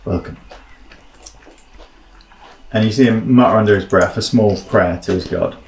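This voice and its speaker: A man's voice: lowish voice, a little fast, creaky, slight background noise. Distant echoey male game master. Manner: easygoing narration with fillers. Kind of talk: narrating a tabletop game.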